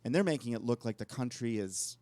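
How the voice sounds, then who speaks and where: A man's voice: medium pitch, expressive, fairly quick, a little mellow, dry recording. A man co-hosting a talk show, telling long rambling anecdotes in casual conversation. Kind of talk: casual storytelling chat.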